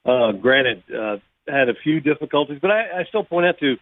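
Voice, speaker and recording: A man's voice: mid-range voice, expressive, normal speed, no echo. Man, rambling over a tinny phone line. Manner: rambling, backs up and restarts thoughts. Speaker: guest, former racing driver. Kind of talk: casual chat on a call.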